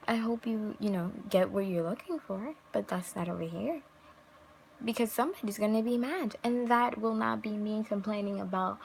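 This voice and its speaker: A young woman vlogger talks casually to camera, handing out emphatic relationship advice packed with rhetorical questions and acted-out quotes. Her voice is medium in pitch with vocal fry at normal speed. The recording is rough with slight background noise.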